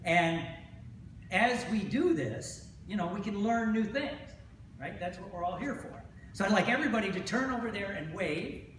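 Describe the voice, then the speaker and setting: Middle-aged male speaker with a high voice, motivational convention talk, storytelling, heard from far off in an echoey hall. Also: lively intonation, normal speed, a bit bright, a little hiss or hum. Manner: storytelling, repeats phrases, asks "right?". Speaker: hypnosis instructor.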